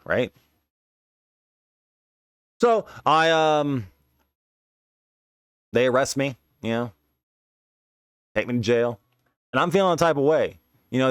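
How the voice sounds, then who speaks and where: A man's voice: mid-range voice, fairly bright tone, no room sound, studio quality. A man telling a long personal story in casual, slangy speech, swearing freely and often asking "you know what I mean.". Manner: rambling, profane, slangy; leans on filler tags. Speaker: podcast host.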